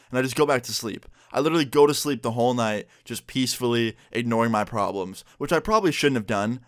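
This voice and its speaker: A young man vlogging, chatty and animated as he retells a story time with plenty of fillers. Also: medium pitch, no echo, studio quality.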